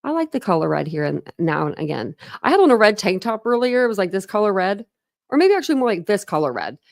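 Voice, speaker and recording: A woman's voice: mid-range voice, big pitch swings, fast talker, creaky. A woman at home, chatting casually on her livestream, rambling from one thought to the next and laughing often. Her voice sits mid-range and sounds close and dry, with no room echo. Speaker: true crime livestream host. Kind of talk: casual livestream chat greeting viewers.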